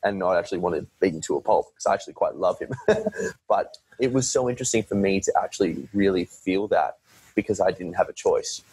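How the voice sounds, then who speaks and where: A man's voice: low-pitched, a little fast, darkish tone, husky, no room sound, poor audio. A man talking as a podcast guest in a casual, rambling way, often restarting his sentences and swearing now and then. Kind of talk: casual conversation.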